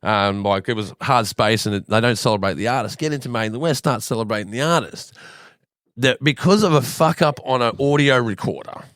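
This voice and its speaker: Animated Australian man telling stories. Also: mid-range voice, brisk, no echo, studio quality. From Western Sydney, Australia. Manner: animated, swearing, slangy, playful. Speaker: podcast guest. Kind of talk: casual banter, storytelling.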